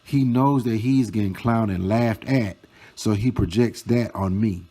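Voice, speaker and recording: A man telling a storytime vlog, reading out chat screenshots in a slow, mocking, profane way. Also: lowish voice, mellow. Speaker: storytime vlogger.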